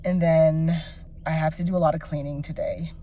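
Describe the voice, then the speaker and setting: A woman's voice: deep voice, steady tone, moderate pace, warm tone, slight background noise. A woman vlogging to her phone, venting at length in a rambling, exasperated way with lots of filler words. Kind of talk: personal vlog rant.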